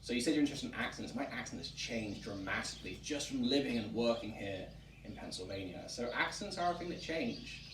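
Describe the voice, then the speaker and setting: A man from England hosting a relaxed chat, explaining at length with frequent ums. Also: medium pitch, brisk. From England (Wiltshire). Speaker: museum director and host. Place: historic tavern room, indoors. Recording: roomy, distant mic, faint background noise.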